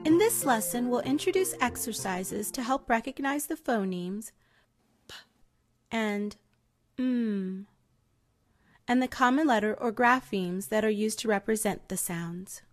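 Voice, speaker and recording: A woman narrating a scripted tutorial for teachers, clearly explaining step-by-step reading lessons and carefully sounding out phonemes. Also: on the high side, a little slow, pauses often, soft background music. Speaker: reading teacher demonstrating a website. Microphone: voice-over.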